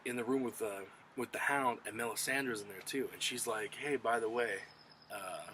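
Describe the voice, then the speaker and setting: Bright-voiced man excitedly recapping a show. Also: mid-range voice, slight background noise, low-quality recording. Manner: excited, profane, rambling retelling. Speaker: TV episode reviewer. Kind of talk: casual spoken recap and review.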